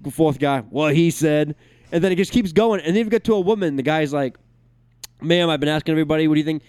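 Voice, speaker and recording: Smooth-voiced man rambling on a talk show. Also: a little high, fast talker, no echo. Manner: rambling, animated storytelling with many restarts. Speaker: podcast co-host. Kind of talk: casual sports talk-show banter.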